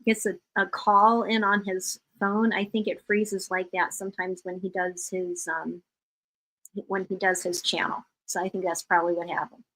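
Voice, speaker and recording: Bright-voiced American woman chatting. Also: lowish voice, level tone, normal speed, rough recording. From United States. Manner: chatty, friendly, loose fillers. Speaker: panel member. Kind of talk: casual panel chat.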